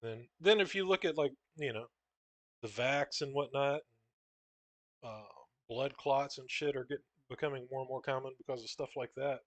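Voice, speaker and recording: A man's voice: medium pitch, normal speed, dry recording. Profane rambling guy, dry sound. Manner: rambling, profane, says "bro" and "dude" a lot. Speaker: comic artist drawing on stream. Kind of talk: casual storytelling while drawing.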